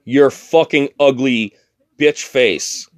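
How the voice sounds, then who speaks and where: A man's voice: mid-range voice, slow pace, no room sound. A drunk man ranting angrily about a customer, swearing constantly and stammering through restarts. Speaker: thrift shop worker. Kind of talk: angry profane rant.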